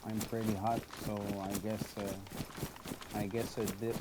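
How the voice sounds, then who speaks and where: A weary lone survivor, voiced by a man, muses quietly in a low, flat, unhurried voice. Loud outdoor game ambience with hooves clopping sits behind him. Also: very noisy. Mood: pensive. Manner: quiet, low-key inner musing. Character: weary male survivor musing alone. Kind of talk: game role-play narration.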